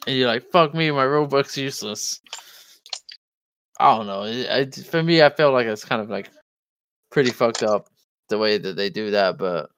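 A man's voice: on the low side, normal speed, fairly bright tone, slight background noise. A man from New Jersey with a New Jersey accent, co-hosting a podcast in loose, casual chat full of "yo" and "like". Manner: loose and casual, says "yo" and "like", restarts. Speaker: podcast co-host.

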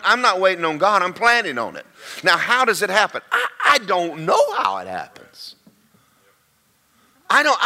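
Preacher guy, older, kinda high bright voice, folksy and emphatic. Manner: folksy, emphatic, slows down to stress words. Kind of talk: sermon.

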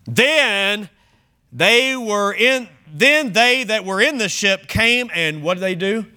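A high, bright male voice preaching from the pulpit of a church sanctuary, with a lot of swing in his pitch. He reads scripture dramatically and breaks off into chuckling asides to his congregation. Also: slow, clear, resonant tone. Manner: animated, emphatic reading with chuckles and asides to the congregation. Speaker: pastor. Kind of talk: sermon with scripture reading.

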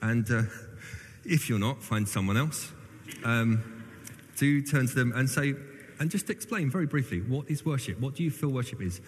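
A man's voice: mid-range voice, lively intonation, normal speed. A clergyman preaching an informal sermon to his congregation, chatty and self-deprecating. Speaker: church clergyman. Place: large reverberant church hall. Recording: long hall reverb.

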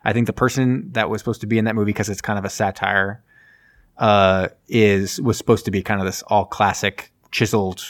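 A man's voice: lowish voice, fairly even intonation, fairly quick, no room sound. Man, podcast co-host, casual movie-review chat, jokey recaps, dry close sound. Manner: joking recaps with acted-out quotes.

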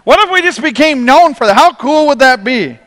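A male pastor preaching a sermon from a church stage, telling stories with energy and quick repeats. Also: very high voice, expressive, fairly bright tone, long reverb tail.

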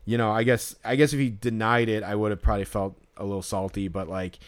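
A man's voice: fairly low pitch, level tone, fast talker, clear, resonant tone. A man co-hosting a podcast, telling a story in a rambling, casual way, swearing often and saying "like" constantly. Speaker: podcast co-host.

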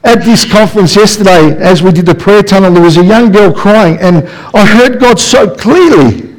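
Aussie pastor preaching in church, fairly high voice, fired up and emphatic, lots of questions to the crowd. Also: male voice, moderate pace, poor audio. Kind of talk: sermon. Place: church service, also streamed.

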